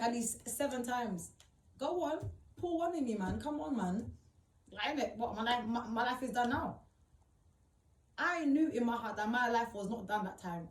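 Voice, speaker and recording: A young woman telling her own story in a blunt, emotional, slangy way, swearing often. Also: on the high side. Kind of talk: personal account, casual monologue. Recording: roomy, distant mic.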